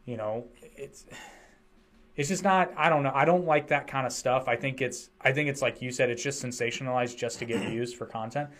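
A man's voice: medium pitch, brisk, fairly bright tone. A man from the United States hosting a podcast, talking in a rambling, opinionated way with restarts. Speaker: podcast host. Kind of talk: casual podcast chat.

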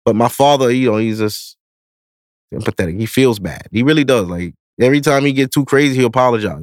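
A man's voice: mid-range voice, fast talker, no room sound, clean studio sound. A man in his thirties hosting a podcast, telling stories in a casual, profane, laughing way. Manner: profane, lively, laughing storyteller. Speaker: podcast host. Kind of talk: casual storytelling.

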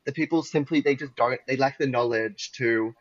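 A man's voice: mid-range voice, normal speed, dry recording, muffled recording. Man, podcast talk, earnest, repeats for emphasis, dry sound. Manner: earnest, stresses points by repeating words. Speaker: podcast guest. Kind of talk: casual conversation.

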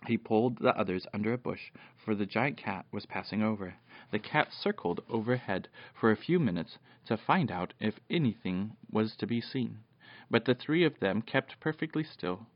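A father reading a children's storybook aloud at bedtime, animated, with occasional slips and restarts. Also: lowish voice, moderate pace, dry recording. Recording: dull, dry lo-fi home recording.

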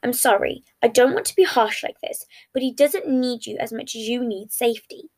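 A woman's voice: a little high, normal speed, darkish tone. A woman voicing a formal, precise young man who comforts a friend with careful wording, in a fan fiction reading. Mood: gentle.

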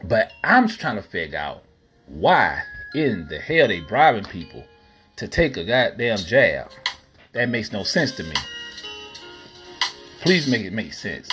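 A man's voice: on the low side, sing-song, measured pace, long pauses, fairly bright tone. Ranting man with music behind. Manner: profane, rhetorical, addresses listeners as y'all. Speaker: podcast host. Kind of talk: casual solo rant. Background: music playing.

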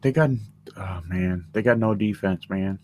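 A man's voice: low-pitched, unhurried, warm tone. A man co-hosting a podcast, chatting casually, teasing his co-host and laughing often. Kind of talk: casual sports podcast chat.

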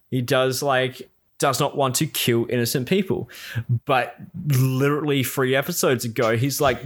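A man in casual chat, retelling a series with lively put-on quotes and frequent swearing. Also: mid-range voice, moderate pace. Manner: animated, acts out characters' lines, swears freely.

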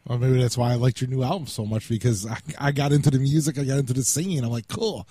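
A man's voice: medium pitch, fast, warm tone, slightly rough, no echo. A man hosting a casual interview, chatting like a fan with rambling fillers.

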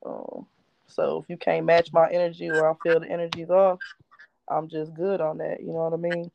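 A woman's voice: low-pitched, little pitch movement, moderate pace, gravelly, darkish tone, no echo. A woman in her thirties, a guest on a podcast, talking in a laid-back, reflective way. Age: 30s. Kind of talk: casual chat. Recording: dull lo-fi sound.

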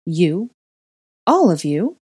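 A woman's voice: lowish voice, sing-song, takes it slowly, a little mellow, slightly rough, exaggerated voice. Woman reading as a flustered young witch. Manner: flustered, pressing.

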